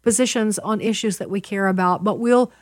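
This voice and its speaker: A woman's voice: medium pitch, fairly quick, no echo, studio quality. A middle-aged woman hosting a political talk radio show, talking in an emphatic, opinionated way with fillers and restarts.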